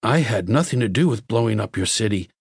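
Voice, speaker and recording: A man's voice: on the low side, lively intonation, brisk, vocal fry, slightly rough, no echo, studio quality, full character voice. A man voicing a middle-aged father who speaks curtly and defiantly. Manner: curt, defiant.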